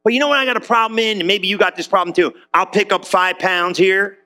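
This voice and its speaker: High-voiced animated male pastor. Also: quick pace. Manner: conversational, animated, acts out quotes in voices. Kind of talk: sermon.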